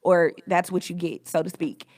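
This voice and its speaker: A woman's voice: on the low side, fairly even intonation, normal speed, darkish tone, no echo. A woman in her thirties hosting a podcast, telling a personal story in a candid, reflective way with frequent swearing. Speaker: podcast host.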